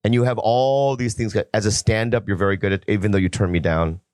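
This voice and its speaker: Man, low voice, guest comedian, blunt and rambling, dry close sound. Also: steady tone, fast, a little mellow, dry recording. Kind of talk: casual podcast banter.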